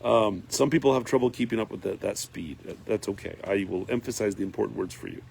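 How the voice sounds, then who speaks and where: Man, deep gravelly voice, casual live-stream chat, reads comments aloud, faint background noise. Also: quick pace, a little mellow. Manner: rambling, reads viewer comments aloud, many fillers. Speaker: doctor hosting a live stream. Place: farm in Northern California.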